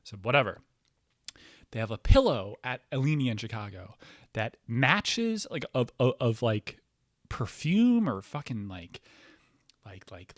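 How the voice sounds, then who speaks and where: A man hosting a casual podcast, rambling excitably with lots of fillers, restarts and swearing. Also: medium pitch, a little slow, no room sound, clean studio sound. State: hyper, excitable. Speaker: podcast host.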